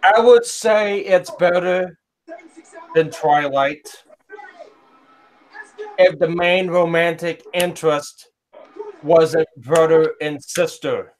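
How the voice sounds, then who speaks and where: A man's voice: fairly high pitch, takes it slowly, long pauses. A man hosting a casual chat, rambling and blunt with heavy swearing. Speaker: podcast host. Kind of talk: casual chat reviewing anime.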